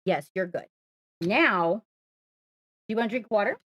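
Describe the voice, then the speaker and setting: A woman's voice: mid-range voice, expressive, unhurried, dry recording, muffled recording. A woman hosting a live stream, coaxing and praising her pet in playful sing-song talk. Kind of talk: live-streamed casual chat.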